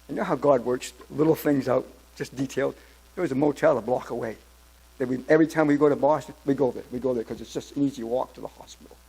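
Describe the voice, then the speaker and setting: A man in his seventies telling his personal testimony at church, in a halting storytelling way with many restarts. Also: medium pitch, vocal fry, dark tone, slightly rough, poor audio. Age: 70s. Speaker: church member giving testimony.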